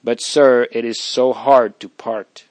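A man reading the part of a grieving old mother who speaks in broken, halting words. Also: medium pitch, fairly even intonation, dry recording, natural voice.

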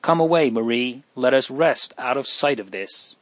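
A man reading the lines of a calm, loyal male servant in a storybook, speaking quietly. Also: medium pitch, moderate pace, close to an everyday voice.

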